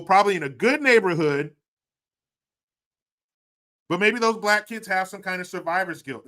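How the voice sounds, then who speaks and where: The host of this opinionated commentary video is a man who curses and ridicules freely, his delivery swinging between loud eruptions and muttered asides.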